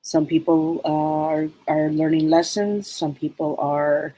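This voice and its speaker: Halting, rambling woman medium, low voice. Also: little pitch movement, dark tone, low-quality recording. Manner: rambling, halting, many fillers. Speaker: psychic medium. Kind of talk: live spirit reading.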